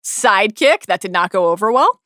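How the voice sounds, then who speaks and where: A woman co-hosts a casual pop-culture podcast, walking through scenes with eager detail and frequent laughter. Her voice sits at a middling pitch. It is recorded close and dry in the studio. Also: expressive, moderate pace, pushed and bright, no echo. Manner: enthusiastic, laughs often, recaps scenes in detail. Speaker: podcast co-host.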